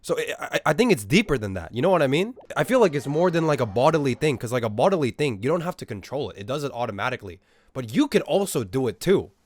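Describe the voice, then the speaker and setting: A man's voice: mid-range voice, quick pace, dry recording. A man streaming live, chatting casually and reacting to viewer messages with frequent swearing. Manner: animated, profane, reacting to chat.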